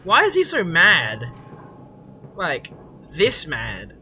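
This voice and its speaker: A young adult gamer giving casual, excitable commentary over a horror game, swearing often and reacting loudly to surprises. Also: mid-range voice, very slow, a little hiss or hum.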